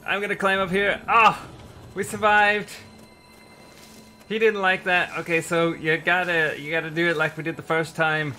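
A man commentating a survival building game as he plays, excitable and quick to yelp in panic or laugh at mishaps. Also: a little high, soft background music. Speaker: gaming channel host. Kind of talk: let's play commentary.

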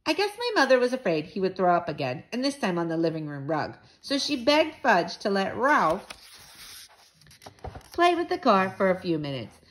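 A woman reading a children's book aloud in an expressive, sing-song way. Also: medium pitch, moderate pace.

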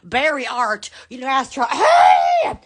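A woman's voice: extremely high pitch, sing-song, a little slow, bright, forceful tone. A woman hosting a casual live stream from her phone at home, gushing, laughing often and exclaiming over and over. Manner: repeated exclamations. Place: indoors at home.

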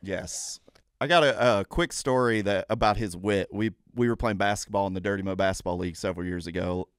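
A man telling stories as a podcast guest in a casual, animated way. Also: brisk, clear, resonant tone, dry recording, studio quality. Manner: animated, jumps into high-pitched impressions. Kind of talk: casual storytelling. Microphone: studio mic.

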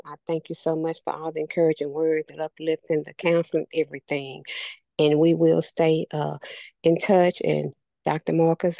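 A woman's voice: fairly low pitch, warm tone, no echo. A woman on a group call, speaking earnestly and correcting herself as she goes. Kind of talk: casual thanks.

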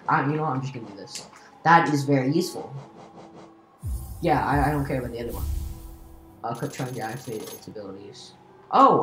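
Woman let's-play host, very deep voice, rambling and self-mocking, in a roomy room with background noise. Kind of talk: casual gameplay commentary.

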